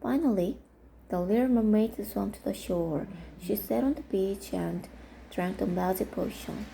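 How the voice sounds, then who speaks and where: A native Korean woman reading a children's storybook aloud in English, slowly and carefully. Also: mid-range voice, vocal fry, dark tone, slight background noise, low-quality recording.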